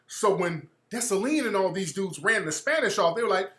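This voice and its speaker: A male radio host rants in a blunt, profane monologue, often restarting and repeating himself. His voice sits high and sounds bright and sharp. The room around him is echoey. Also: lively intonation, fairly quick, hardly any pauses. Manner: acts out quoted people in mocking voices. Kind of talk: opinionated talk radio monologue.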